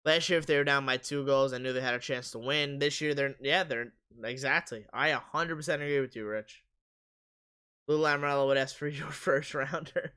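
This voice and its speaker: A man hosting a live sports stream, casually reading viewer comments aloud and answering them while his voice is going hoarse. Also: mid-range voice, fairly even intonation, moderate pace, pushed and bright.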